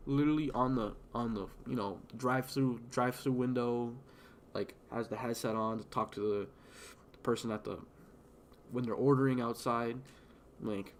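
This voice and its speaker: A man's voice: medium pitch, normal speed, slight background noise. A young man streaming a game, chatting in a loose, rambling way full of fillers, restarts and swearing. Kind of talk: casual rambling chat while gaming.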